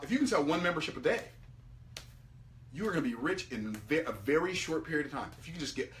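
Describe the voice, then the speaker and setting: Brief: male coach, energetic live pitch, higher voice, bright tone, lots of restarts. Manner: energetic, repetitive, restarts often. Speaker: business coach. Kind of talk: live video pitch to members.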